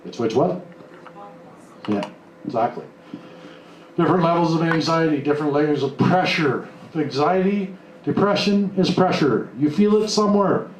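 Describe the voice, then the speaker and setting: A man giving a live motivational talk to an audience, blunt and animated, acting out the lines he quotes. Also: fairly high pitch, moderate pace, long pauses. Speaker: motivational speaker. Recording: echoey room, mic at a distance, faint noise.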